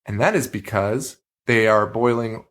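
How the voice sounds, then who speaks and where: Animated, swearing male podcast co-host. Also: on the low side, takes it slowly. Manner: animated, swears freely, laughs often. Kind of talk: casual chat.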